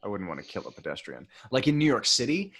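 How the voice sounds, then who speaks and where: A man's voice: fairly low pitch, sing-song, quick pace, fairly bright tone, husky. A man co-hosting a podcast in casual chat, laughing often and exclaiming. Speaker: podcast co-host.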